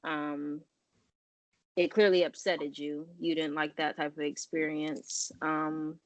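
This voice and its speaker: A woman reflecting a speaker's feelings back to her, slow and tentative, with frequent "um"s. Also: low voice, little pitch movement, dry recording. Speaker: listener practicing reflective listening.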